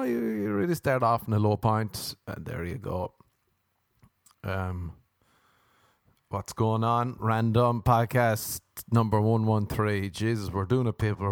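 A man's voice: medium pitch, creaky, no echo. Irish guy doing a solo comedy podcast indoors, rambly and crude, swears a lot, dry close sound. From Ireland. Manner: crude, swearing, jokey tangents and wordplay. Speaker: podcast host. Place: indoors at home by a window.

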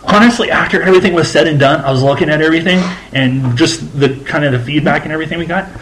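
A man's voice: a little high, fast talker, a bit bright, a little hiss or hum, poor audio. A man co-hosting a podcast in casual chat, slightly intoxicated and rambling. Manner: rambling, laid-back, slightly tipsy. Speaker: podcast co-host.

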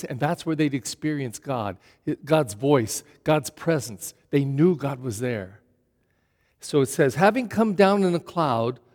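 A male pastor preaching a sermon in an animated way, reading scripture aloud with dramatic emphasis. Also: on the high side, in a large hall.

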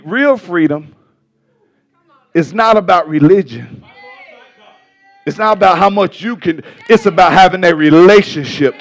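A male pastor with a high, gravelly voice preaches a passionate sermon. He stumbles over words and swings between loud bursts and soft asides.

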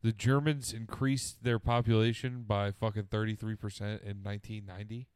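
A man's voice: fairly low pitch, flat delivery, moderate pace, clear, resonant tone, no echo, studio quality. Profane laid-back male podcaster. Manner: profane, loud bursts of laughter. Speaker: podcast co-host. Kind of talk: crude casual banter.

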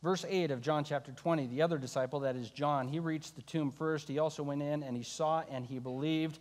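A man's voice: a little high, fairly even intonation, a little fast, darkish tone, long reverb tail. A man preaching a sermon as a pastor, telling the story with wry asides.

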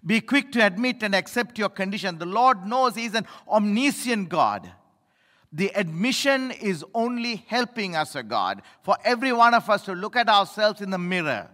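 A middle-aged male pastor preaching a sermon, emphatic, swinging between loud appeals and low asides, in a church. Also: big pitch swings, moderate pace. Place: church sanctuary. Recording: echoey hall reverb.

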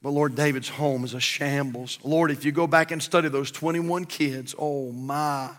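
A Southern American pastor preaching from the pulpit, his slightly high voice bright and forceful. He tells stories with lively turns and slips into a hushed tone for prayer. The recording carries the long reverb of a church hall with faint music underneath. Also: normal speed. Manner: storytelling preacher, voice rising for punchlines and dropping low in prayer. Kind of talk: sermon with jokes and prayer. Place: church sanctuary.

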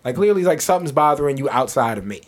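A man's voice: mid-range voice, quick pace. A man co-hosting a podcast, telling a story in casual chat, slangy and profane, acting out what people said. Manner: animated, profane, slangy, acts out quotes. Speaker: podcast co-host.

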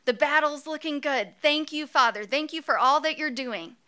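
A woman's voice: sits high, normal speed, bright, forceful tone, voice pushed up. A woman putting on Moses, an old man praying. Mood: hopeful praying. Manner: pleading, eager, rising with effort.

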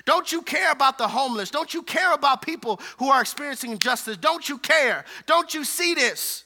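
A woman's voice: high-pitched, lively intonation, brisk, sharp tone, voice pushed up. A male preacher voicing an anxious, indignant woman who keeps pleading with her Lord in urgent, repeated questions.

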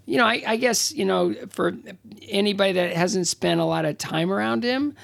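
A man in his sixties, an interview guest telling stories casually, halting with many fillers and restarts. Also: high-pitched, creaky, a bit bright, dry recording, clean studio sound. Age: 60s. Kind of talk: casual conversational storytelling.

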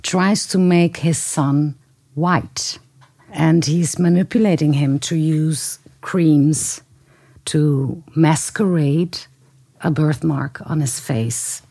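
A woman interviewer asking a novelist measured, deliberate questions. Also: low-pitched, vocal fry, dark tone, slightly rough, no room sound. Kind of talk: interview conversation.

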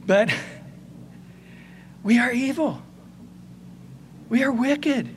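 Slow, high-voiced man preaching a sermon. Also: lively intonation, slight background noise. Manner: conversational, swings between soft and emphatic. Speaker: pastor.

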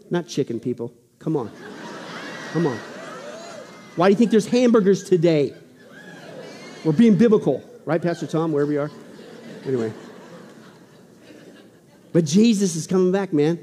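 A male pastor preaching a sermon, swinging between loud exclamations and hushed asides. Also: on the high side, lively intonation, unhurried, long pauses, long reverb tail, slight background noise.

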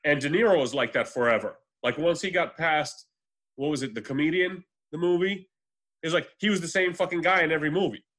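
A man in casual conversation about films, rambling and swearing freely, slipping into quick voices to retell scenes. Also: fairly high pitch, a bit bright. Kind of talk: casual movie chat.

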